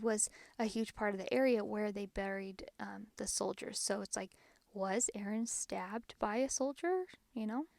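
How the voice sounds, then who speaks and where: A woman's voice: medium pitch, vocal fry, darkish tone, no room sound. Woman host, casual ghost-story podcast, lots of fillers, dry close sound. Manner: chatty, filler-heavy retelling.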